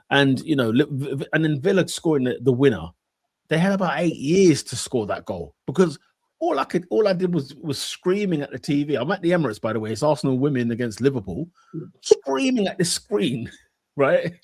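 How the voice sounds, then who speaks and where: A man co-hosting a podcast, talking football casually and acting out his own reactions with animated emphasis. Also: on the high side, brisk, slightly rough, no echo, studio quality. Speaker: podcast co-host.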